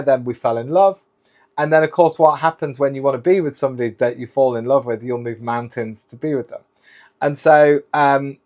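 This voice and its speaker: A man's voice: mid-range voice, a little mellow. A middle-aged man, a guest telling long, rambling stories in a casual interview. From United Kingdom. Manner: rambling anecdotal storytelling, strung together with "and then". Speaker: guest, keynote speaker and former sailor.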